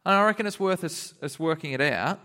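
A man giving a lively Bible lesson to children, laughing often and acting out the characters. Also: fairly high pitch, fairly quick. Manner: animated, laughing, acts out characters. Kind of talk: lively kids' sermon.

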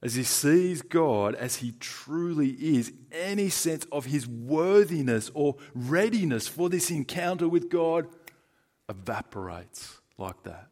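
A man's voice: fairly high pitch, lively intonation, slow pace. Australian man preaching conversationally. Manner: conversational and emphatic, swinging between loud and hushed. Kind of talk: sermon.

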